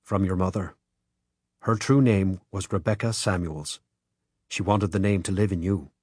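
Man doing a guarded Irish father, hushed and terse, low husky voice, dry close sound. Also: steady tone, moderate pace, no room sound.

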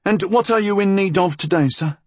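A wary, shabby gunsmith in an audiobook, as a male narrator puts him on. His voice rides noticeably high and sounds raspy, with dry, close miking. He speaks in a deferential, rough working-class dialect. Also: fairly quick, a little mellow, no room sound. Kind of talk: audiobook character voice.

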